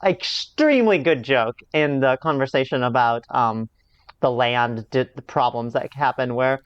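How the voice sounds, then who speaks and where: A man co-hosting a casual podcast, making wry, deadpan jokes while recapping an episode. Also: medium pitch, a little slow, clean tone, no echo, lo-fi sound. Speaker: podcast co-host.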